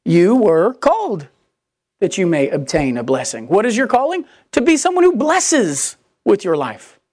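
A high-voiced woman preaches with a very lively, swooping delivery. She asks rhetorical questions and answers them herself, and reads scripture aloud. The sound is dry and close, with little room echo. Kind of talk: sermon.

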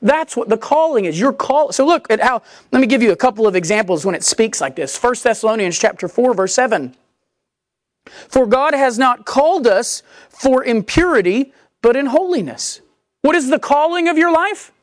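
A woman's voice: fairly high pitch, animated, normal speed, dry recording, clean studio sound. A woman preaching a sermon, reading scripture aloud and pressing her point with questions she answers herself. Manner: emphatic, asks and answers rhetorical questions.

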